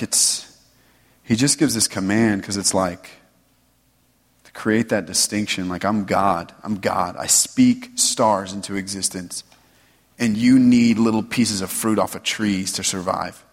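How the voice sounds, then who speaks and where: A man giving a conversational sermon, loose and animated, often checking in with "right?". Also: lowish voice, long reverb tail. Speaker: preacher.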